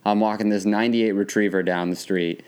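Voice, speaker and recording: A man's voice: lowish voice, fairly even intonation, brisk, darkish tone, clean tone. A young man telling stories in casual chat, often laughing and acting out other people's voices. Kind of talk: casual storytelling.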